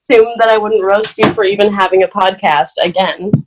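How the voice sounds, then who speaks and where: A woman's voice: medium pitch, fairly even intonation, brisk. A woman guest on a podcast in casual chat, giggly and laughing often. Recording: noisy home recording.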